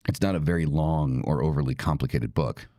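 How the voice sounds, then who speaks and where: A man's voice: a bass voice, a little fast, mellow, no room sound. A man hosting a podcast, talking casually, blunt and profane with emphatic delivery. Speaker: podcast host. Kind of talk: casual talk.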